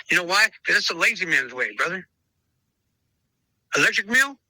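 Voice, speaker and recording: A man speaks in a casual interview with a forceful, tense edge to his fairly high voice. He stresses points by repeating them and keeps calling the listener brother. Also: big pitch swings, moderate pace, no room sound, poor audio. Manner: emphatic, repeats himself, calls listener brother. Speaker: podcast host interviewed as dog trainer.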